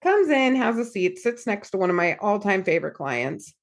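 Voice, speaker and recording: A woman's voice: mid-range voice, normal speed. Chatty woman therapist telling stories. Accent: American. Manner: animated storyteller, acts out quotes. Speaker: therapist and podcast host. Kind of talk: casual storytelling chat.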